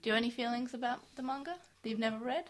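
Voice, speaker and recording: A woman's voice: fairly high pitch, steady tone, racing. A young woman co-hosting a podcast in casual chat, chatty and upbeat, with lots of fillers. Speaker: podcast co-host.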